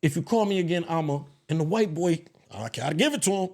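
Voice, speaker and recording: Animated, high-voiced man telling a story. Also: fast. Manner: animated storytelling, swears freely, swings pitch and loudness. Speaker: podcast co-host. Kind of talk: casual podcast chat.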